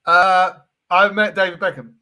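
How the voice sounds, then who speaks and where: A man co-hosting a casual football comedy chat, telling animated, jokey stories. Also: high voice, a little slow. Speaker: co-host.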